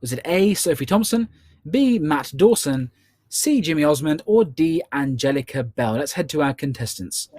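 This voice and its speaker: A man's voice: fairly high pitch, expressive, moderate pace, a little mellow, no room sound, studio quality. A man with a British accent hosting a live online charity quiz, upbeat and full of playful ad-libbed asides. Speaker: quiz host.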